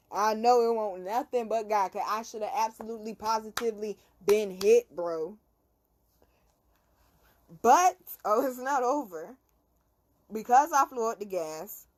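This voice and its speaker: A young woman hosting a casual talk show, telling a story in an animated, slangy, profane way. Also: mid-range voice. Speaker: podcast host.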